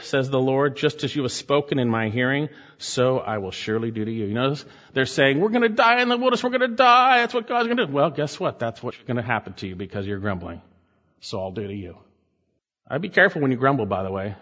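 A man's voice: mid-range voice, a bit bright. A male pastor preaching a sermon, reading scripture aloud and breaking off to comment and exhort his congregation. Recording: muffled sound in a reverberant hall.

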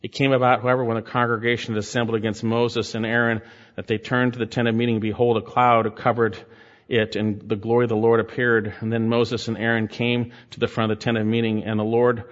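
A man's voice: mid-range voice, level tone, brisk. A man preaches a sermon in a church, reading scripture aloud between pointed exhortations to his listeners. His mid-range voice carries a long reverberant tail from the hall, and the recording sounds somewhat dull and muffled. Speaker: pastor.

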